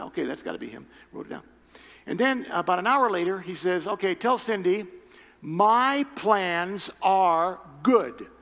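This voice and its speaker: A man preaching a sermon, telling a personal story with loud animated retellings and quiet earnest appeals. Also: fairly high pitch, gravelly, slightly rough. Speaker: pastor. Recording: reverberant hall with faint music.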